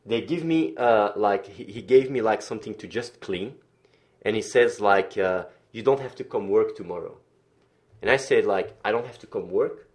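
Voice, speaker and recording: A man telling a story on a livestream, animated, swearing, often restarting his sentences. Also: on the low side, moderate pace. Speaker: streamer.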